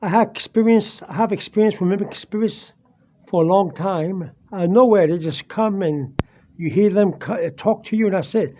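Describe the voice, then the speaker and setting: High-voiced man telling a spooky experience. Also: warm tone. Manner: halting, many fillers and restarts, earnest. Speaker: vlogger. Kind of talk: casual first-person storytelling. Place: home dining room, seated at a table. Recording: dull lo-fi home recording.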